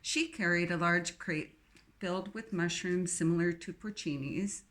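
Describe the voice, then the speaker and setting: A woman reading a novel aloud in first person, expressive and lightly wry. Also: on the low side, unhurried. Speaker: audiobook narrator. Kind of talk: scripted first-person narration.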